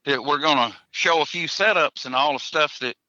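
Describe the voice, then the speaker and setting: Bright-voiced man in his forties. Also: on the high side, normal speed, no echo, dull audio. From Tennessee, USA. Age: 40s. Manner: folksy, joking, chuckles between answers. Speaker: guest hunter. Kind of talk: casual podcast interview.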